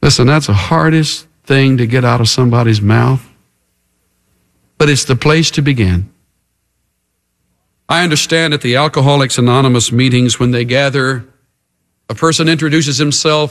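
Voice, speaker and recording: A man's voice: medium pitch, normal speed. A male preacher giving a sermon in an emphatic, dramatic way. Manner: emphatic and dramatic, acts out the characters.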